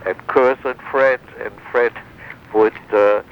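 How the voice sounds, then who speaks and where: Old guy telling war stories real slow, lots of uh and restarts, kinda dull lo-fi sound w faint hiss. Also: on the low side, fairly even intonation. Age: older. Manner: halting, many fillers and restarts. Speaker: interviewee, former wartime interrogator. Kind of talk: recounting memories in an interview.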